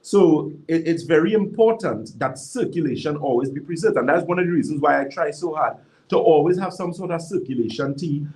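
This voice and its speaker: A man's voice: fairly high pitch, fairly quick, a little mellow, poor audio. A man giving natural health advice on a live stream and answering viewers' questions. He talks emphatically and repeats key words for stress. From Trinidad and Tobago.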